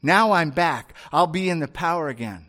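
A man's voice: a little high, animated, normal speed, sharp tone. A man voicing a principled prophet who refuses rewards, in the middle of a sermon. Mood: eager. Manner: firm, dismissive of rewards. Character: unimpressed, principled male prophet.

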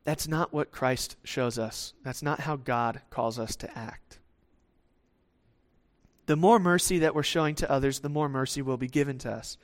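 A man's voice: mid-range voice, normal speed. A man preaching a sermon in a conversational way, acting out the voices of people he quotes.

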